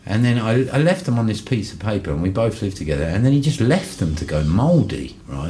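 Interview guest: middle-aged man, rumbling low voice, lively storyteller. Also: fairly quick, hardly any pauses, slight background noise. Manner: animated, swears freely, acts out quotes. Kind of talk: casual storytelling.

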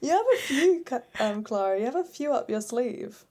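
A woman's voice: a little high, lively intonation, normal speed, mellow. Brief: female radio co-host, casual, hesitant, lots of ums. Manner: rambling, hesitant, searches for words. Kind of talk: casual chat.

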